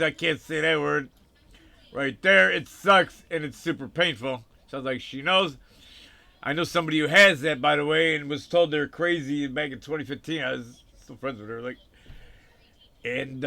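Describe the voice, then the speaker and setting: A man's voice: fairly high pitch, gravelly, bright, forceful tone, no echo. A man hosting his own channel, reading viewer comments aloud and rambling through sarcastic asides with frequent laughs. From United States. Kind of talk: casual rambling livestream commentary.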